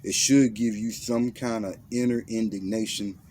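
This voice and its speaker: A man's voice: lowish voice, steady tone, moderate pace, darkish tone, slight background noise. A man giving a blunt, intense monologue that guides the listener through a visualization, using slang and commands. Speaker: motivational self-defense speaker.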